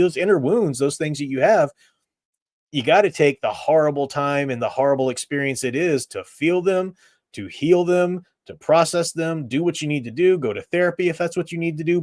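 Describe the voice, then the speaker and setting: A man's voice: on the high side, no room sound, clean studio sound. Blunt opinionated middle-aged man. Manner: blunt, opinionated, laughs at his own remarks. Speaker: live stream host. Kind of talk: casual opinionated chat.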